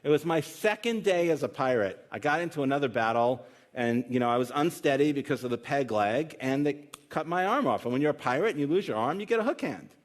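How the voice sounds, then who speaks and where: A man voicing an old male pirate in a spoken joke, deliberately with no pirate accent, telling tall tales in a matter-of-fact way on a conference stage. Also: medium pitch, animated, voice pushed up, natural voice. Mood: deadpan. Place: conference stage with live audience.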